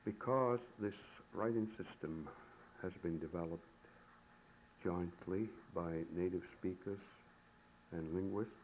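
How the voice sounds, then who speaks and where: A man giving a recorded language lesson, saying the sounds slowly and deliberately, one syllable at a time. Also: low voice, darkish tone, poor audio. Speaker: language teacher. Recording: old tape recording with faint hiss.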